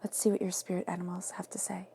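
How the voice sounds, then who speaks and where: Gravelly-voiced woman giving a tarot reading. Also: lowish voice, little pitch movement, quick pace, a little hiss or hum. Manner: emphatic, affirming, often drops to soft whispers. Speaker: tarot reader.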